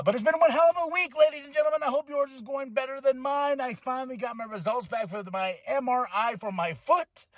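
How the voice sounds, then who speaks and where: A fairly high-voiced man talks through a wrestling show on his own podcast, animated and full of asides. His voice is recorded close and dry, with no room sound. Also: dry recording. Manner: animated and rambling, with impressions and asides. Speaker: podcast host. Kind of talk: casual wrestling recap.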